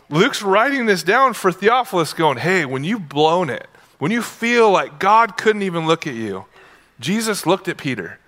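A man preaching a sermon with a bright, forceful edge to his voice, sitting a little higher than most men. He keeps it loose and conversational, slipping into playful asides between scripture readings. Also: sing-song, normal speed. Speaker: pastor. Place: church.

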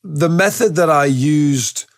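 A man who trains dogs, telling stories in a relaxed, rambling way as a guest in an interview, with a gravelly, husky voice. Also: fairly high pitch, takes it slowly, no room sound, clean studio sound. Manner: relaxed, rambling, with many restarts. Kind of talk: casual storytelling in a podcast interview.

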